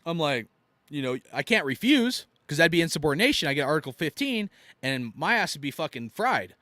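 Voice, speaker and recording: A man in his thirties tells army stories in a blunt, profane rant. His voice is bright and tense and jumps up and down in pitch. The sound is close and dry. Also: sing-song, fairly quick, dry recording. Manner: blunt and profane, swinging from loud outbursts to low asides. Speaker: army veteran commentator.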